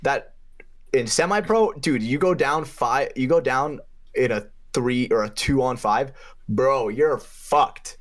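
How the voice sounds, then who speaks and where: A young man co-hosting a podcast, telling a game story in a casual, profane way, with his voice jumping up in pitch for emphasis. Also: a little slow. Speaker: podcast co-host and paintball player.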